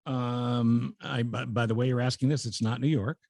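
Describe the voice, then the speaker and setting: A man's voice: mid-range voice, moderate pace, creaky, dry recording. A man hosting a podcast, chatting casually and joking wryly with his co-host. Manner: wry, joking, lively delivery. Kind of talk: casual chat.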